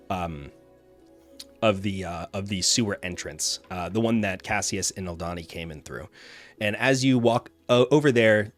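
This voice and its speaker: A man's voice: lowish voice, a bit bright. A man narrating a tabletop game as game master, rambling with frequent fillers and restarts.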